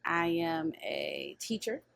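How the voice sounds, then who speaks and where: Expressive, reflective woman podcast guest. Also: low voice, vocal fry, dry recording, studio quality. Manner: expressive, reflective, quick to laugh. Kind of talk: casual chat.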